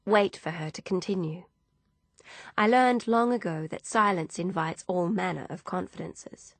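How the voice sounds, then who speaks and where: Female audiobook narrator, measured delivery, gravelly low voice. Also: no echo. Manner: steady, measured storytelling. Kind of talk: scripted narration.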